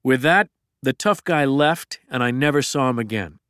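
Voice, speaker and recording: A middle-aged man narrating a memoir audiobook in a plain, measured storytelling manner. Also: medium pitch, expressive, fairly bright tone, smooth, no echo, clean studio sound.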